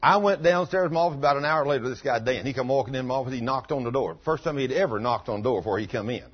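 This man speaks very fast in a slightly rough, medium-pitched voice. He's preaching a folksy sermon, recounting a testimony and breaking into fervent bursts, all captured on dull lo-fi audio.

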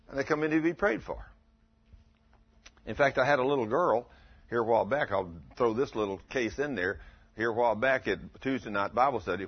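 A man's voice: mid-range voice, lo-fi sound. A man preaching a sermon, telling a story in a folksy way and asking the congregation questions. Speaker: pastor.

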